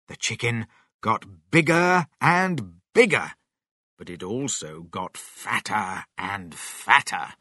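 A reader narrating a children's story slowly and expressively. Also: medium pitch, dry recording, studio quality. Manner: slow, expressive, sing-song.

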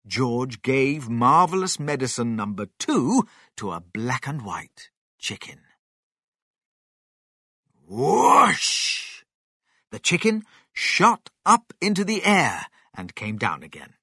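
Slow, very expressive storybook narrator. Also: male voice, mid-range voice, dry recording, studio quality. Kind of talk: children's story reading.

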